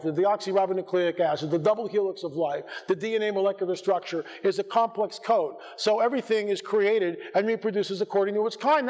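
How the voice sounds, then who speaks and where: A man giving an animated, joking, dramatic sermon-style talk as a conference speaker in a church auditorium. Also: high-pitched. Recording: long reverb of a large hall.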